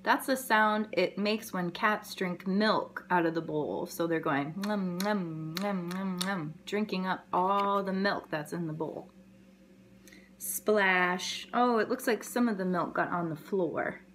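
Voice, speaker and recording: Slow, gentle woman reading a picture book aloud. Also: fairly low pitch, slight background noise. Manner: gentle, expressive storytelling with sound effects. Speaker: early childhood educator.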